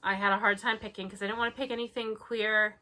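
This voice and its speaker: Bright, sarcastic young woman reading reviews. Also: medium pitch, level tone, fast talker. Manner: sarcastic, mock-indignant when reading. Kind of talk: casual chat, reading reviews aloud.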